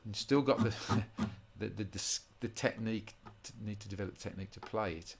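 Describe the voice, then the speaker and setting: Low-voiced man teaching guitar rhythm. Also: steady tone, moderate pace, creaky, slight background noise. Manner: rambling with many restarts, counts rhythms aloud. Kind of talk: informal spoken lesson.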